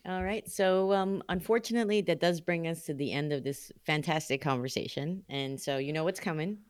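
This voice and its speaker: A woman co-hosting a podcast, talking in a relaxed, encouraging way with many fillers. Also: sits low, fairly quick, no room sound. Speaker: podcast co-host. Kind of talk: casual interview hosting.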